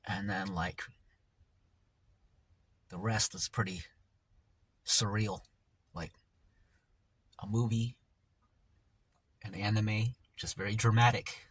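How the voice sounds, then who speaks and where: A man's voice: fairly low pitch, flat delivery, slow pace, long pauses, a bit bright, husky. A man telling a story casually while eating on camera, in a rambling, laid-back way full of slang, often trailing off mid-thought. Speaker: mukbang vlogger.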